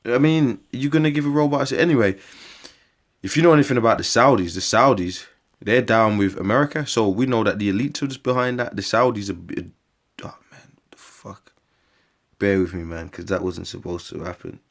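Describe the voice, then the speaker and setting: Low-voiced man preaching. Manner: rambling and profane, often calls listeners "bruv" and "mate"; slows down to read long scripture lists. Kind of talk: informal scripture preaching to camera.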